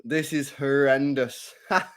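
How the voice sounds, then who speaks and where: A young man hosting a live football watchalong, reacting to the match, talking to his chat and bursting into shouts and laughter. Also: mid-range voice, takes it slowly. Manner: excitable, bursts into shouts and laughter, chats to viewers.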